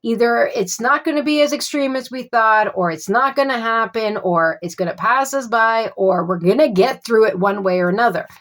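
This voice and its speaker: A woman with a fairly high voice talks through a tarot reading in a loose, unscripted way. She stops and restarts as she searches for words and leans on fillers. Her tone stays reassuring, and she comes back to the same comforting phrases. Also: normal speed, hardly any pauses, fairly bright tone. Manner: reassuring, repeats soothing phrases. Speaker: tarot reader. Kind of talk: casual tarot reading monologue.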